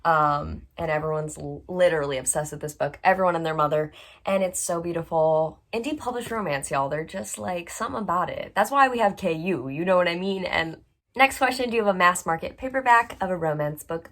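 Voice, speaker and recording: A young woman talks about her books in a casual vlog, bubbly and gushing. Her voice sits on the low side, filled with likes and ums as she chats to her viewers from home. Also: fairly quick, a bit bright. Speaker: book channel host. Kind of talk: casual book vlog chat.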